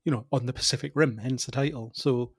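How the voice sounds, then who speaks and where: A man's voice: medium pitch, fairly even intonation, quick pace, slightly rough, no room sound, studio quality. Easygoing man, podcast guest. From United Kingdom. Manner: easygoing, laughs along. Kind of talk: casual film podcast chat.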